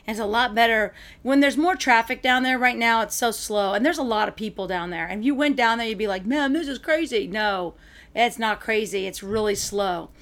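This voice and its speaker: Chatty woman telling a story. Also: a little high. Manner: chatty, animated storyteller who acts out quotes. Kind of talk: casual chat, storytelling.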